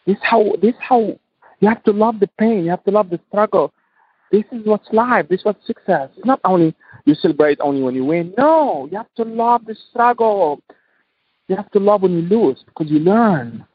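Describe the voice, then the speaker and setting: A man's voice: high-pitched, animated, moderate pace, breathy edge, dry recording, phone-quality sound. A man, a podcast guest, speaking passionately in emphatic, repetitive English. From Tunisia. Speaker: guest entrepreneur. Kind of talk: podcast interview.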